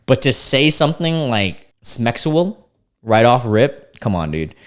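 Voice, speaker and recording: A young man with a mid-range, sing-song voice hosts a casual reaction commentary, speaking a little slowly. He reads dating-app screenshots aloud, amused and laid-back, and often restarts his sentences.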